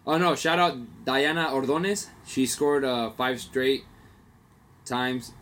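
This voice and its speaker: A man's voice: medium pitch, slow, a little hiss or hum. Slangy young man telling stories. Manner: animated storyteller, slangy, swears freely, acts out quotes. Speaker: podcast co-host. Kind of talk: casual chat.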